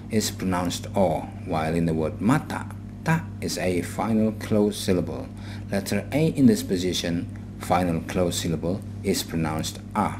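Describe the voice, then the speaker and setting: Low-voiced Indonesian man teaching a language. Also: darkish tone, a little hiss or hum. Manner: measured, explanatory, listing examples. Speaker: language teacher, channel host. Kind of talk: scripted lesson narration.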